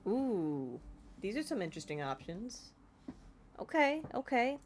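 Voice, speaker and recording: A woman's voice: mid-range voice, very animated, measured pace, a little hiss or hum. A woman streamer playing a story game, reading the text aloud and chatting in a casual, self-deprecating, giggly way. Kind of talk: casual let's-play commentary and narration.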